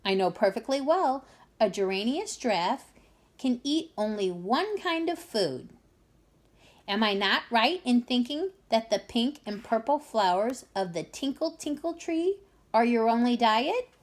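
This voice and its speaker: Woman voicing a grand old duke, kindly, know-it-all, lively pitch, storybook. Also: unhurried.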